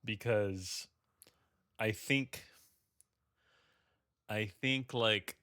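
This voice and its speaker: A man hosting a casual book club chat, hesitant and soft-spoken, with frequent fillers. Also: lowish voice, very slow, no echo, clean studio sound.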